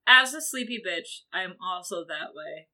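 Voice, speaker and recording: A woman's voice: on the low side, expressive, moderate pace, sharp tone. A woman co-hosting a casual book podcast, chatty and giggly, with many fillers and some swearing. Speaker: podcast co-host. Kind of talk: casual book-discussion chat.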